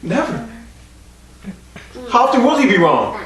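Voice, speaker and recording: A man preaching a sermon as pastor, leading the congregation in call-and-response and rising at times to shouts. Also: very high-pitched, big pitch swings, measured pace, heavy reverb, recorded from a distance, poor audio.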